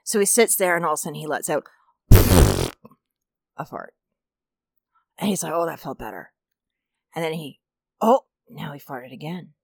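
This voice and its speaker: Woman with a lowish voice telling a joke. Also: a little fast, pauses often, slight background noise. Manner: animated narrator, acts out voices in her jokes. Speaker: podcast co-host. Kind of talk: casual joke storytelling.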